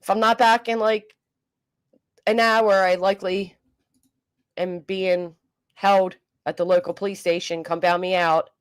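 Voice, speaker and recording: A woman's voice: mid-range voice, little pitch movement, a little slow, pauses often, clear, resonant tone. A woman, hosting a casual livestream, reading comments and joking bluntly with swearing. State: coughing. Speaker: livestream host.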